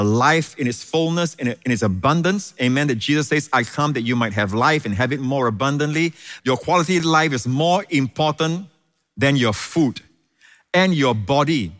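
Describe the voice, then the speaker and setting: A man's voice: mid-range voice, a bit bright. A male preacher giving a sermon, emphatic and repetitive, stretching key words and adding frequent amens. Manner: emphatic, repeats phrases, frequent "amen"; drawn-out stressed words, sing-song rises. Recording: long hall reverb.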